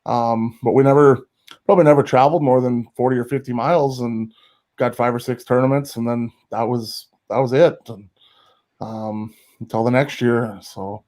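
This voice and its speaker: A man from North Dakota, a wrestling coach, answering interview questions hesitantly with many pauses. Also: medium pitch, fairly even intonation, a little mellow. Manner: hesitant, many fillers, clears throat.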